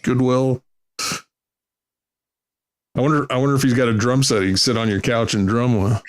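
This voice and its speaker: A man's voice: mid-range voice, steady tone, moderate pace. A man co-hosting a podcast, chiming in with short wisecracks in casual chat. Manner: wisecracking, short interjections and jokes. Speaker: podcast co-host.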